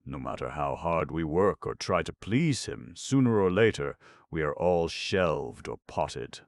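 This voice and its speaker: A man's voice: extremely low pitch, sing-song, measured pace, no echo, studio quality, exaggerated voice. A man reading a storybook, voicing an anxious, apologetic fat male minister. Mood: gloomy. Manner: nervous, apologetic.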